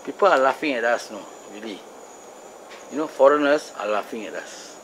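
A Singaporean man chats his way through a night-time ghost-hunting vlog outdoors, mixing Malay phrases into his English. He sometimes drops his voice to a hush. Faint crickets and insects buzz behind him. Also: mid-range voice, lively intonation, moderate pace, slight background noise. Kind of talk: casual solo vlog narration.

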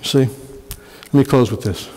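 A man's voice: mid-range voice, a little slow, dark tone, in a large hall. A man preaching a sermon as pastor, earnest, repeating phrases for emphasis. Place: church sanctuary.

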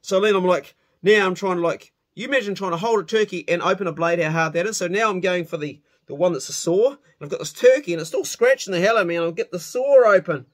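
A middle-aged storyteller casually recounts a rowdy tale from his youth, loose and animated, swearing freely and laughing at his own mishaps. His voice is a little higher than most men's, and he talks fast with few pauses.

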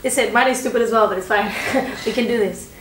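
A woman, a guest songwriter, chatting casually and giggling, talking in quick bursts. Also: fairly high pitch, recorded from a distance, background noise. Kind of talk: casual chat. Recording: echoey room, a bit off-mic.

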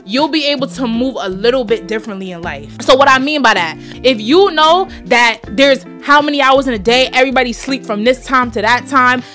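Brief: twenties New York woman, podcast host, blunt and profane, sharp bright tone, faint music under her. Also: high-pitched, a little fast, few pauses. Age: 20s. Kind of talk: blunt motivational monologue.

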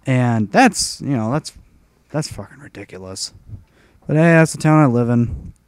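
A man's voice: medium pitch, animated, normal speed, clean tone, no echo. A young man telling a rambling, profane story in a casual rant over gameplay. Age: young adult. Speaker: gaming commentator.

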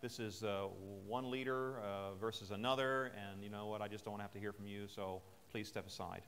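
A man's voice: fairly high pitch, lively intonation, moderate pace, slight background noise, natural voice. A preacher voicing a boastful, proud warrior-king. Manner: dismissive, boastful. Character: proud indignant young male warrior-king. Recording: long chapel reverb.

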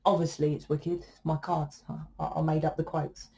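A woman's voice: low voice, flat delivery, normal speed, dark tone. A woman giving a casual tarot reading to camera. She talks bluntly, swears freely and keeps tagging her points with "right?". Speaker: tarot reader.

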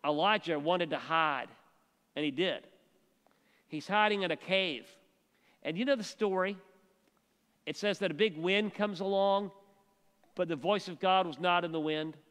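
A male pastor preaching a sermon, telling stories and dropping his voice soft and quiet for emphasis. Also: sits high, unhurried, long pauses, long reverb tail.

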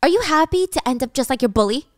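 A woman's voice: high voice, expressive, quick pace, dry recording, studio quality. A woman voicing a bold teenage girl held hostage, speaking sharply and pleading. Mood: defiant.

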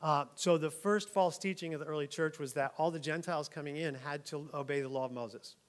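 A pastor from New York preaching a conversational sermon, often laughing and checking in with "right?". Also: male voice, on the high side, fairly even intonation, brisk. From New York, USA. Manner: chatty, laughs often, keeps asking "right?".

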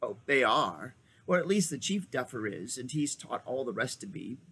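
A man voicing an old male magician, genial and fussy, in a high lilting old-man voice for a storybook reading. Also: sing-song, normal speed, pushed and bright, a little hiss or hum. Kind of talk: storybook read-aloud.

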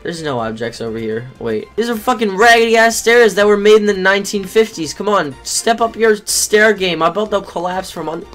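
A man's voice: sits high, moderate pace, hardly any pauses, a bit bright. A sleepy young man commentating a game as he plays, rambling, yawning and swearing at it when things go wrong. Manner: tired, yawning, rambling and easily exasperated. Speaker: gaming channel host. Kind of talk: casual let's play commentary. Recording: faint game music behind voice.

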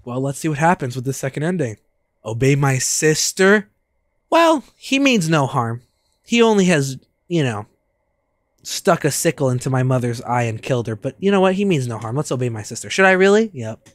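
A man streaming a story game, reacting loudly and profanely as he reads its dialogue aloud. His mid-pitched voice swings widely from high to low. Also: moderate pace, dry recording. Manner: profane, exclaiming, expressive.

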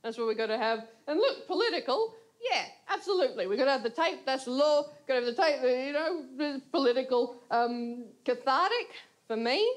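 A woman's voice: high-pitched, lively intonation, brisk. A woman comedian, doing a chatty, self-mocking stand-up set on stage. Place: theatre stage with a laughing audience. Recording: live stage recording with loud audience.

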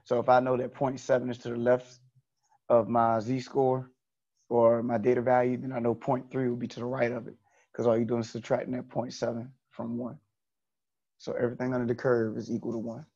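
A man's voice: medium pitch, monotone, fairly quick, a little mellow, lo-fi sound. A man teaching an online statistics class, explaining step by step and repeating key points.

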